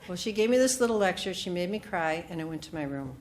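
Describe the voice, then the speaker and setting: A woman speaker at a retreat, telling a personal story in an animated way and acting out what others said. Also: fairly low pitch, fast talker, a little hiss or hum. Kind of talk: personal testimony talk. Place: retreat meeting room.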